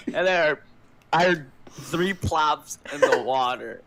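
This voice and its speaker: Young man, slow delivery, giggling storyteller, crowd chatter. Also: on the high side, animated. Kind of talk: casual chat.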